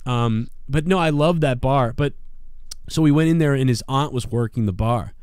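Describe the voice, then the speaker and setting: A man spins a rambling, swear-laden story, animated and loose. The sound is dry and close, with no room around him. He talks like a podcast co-host among friends. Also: medium pitch, moderate pace, clean tone, no room sound. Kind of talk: casual storytelling.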